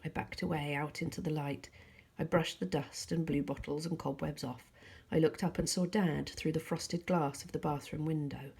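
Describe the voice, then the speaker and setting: A woman teacher reading a novel aloud to pupils in a steady, calm storytelling voice. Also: deep voice, normal speed, gravelly, husky.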